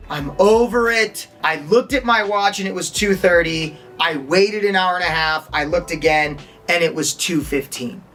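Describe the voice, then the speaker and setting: A man's voice: sits high, expressive, normal speed, a bit bright, faint music behind. A man instructing an online acting course, talking plainly and now and then acting out a line in a different tone to show its effect. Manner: demonstrates tones by acting out short lines. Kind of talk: online lesson.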